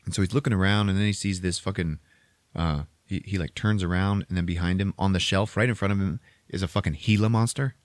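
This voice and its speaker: Low-voiced man in his forties, casual podcast host, profane rambler, dry close sound. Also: fairly even intonation, quick pace, dry recording. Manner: profane and rambling, lots of filler. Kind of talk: casual movie recap chat.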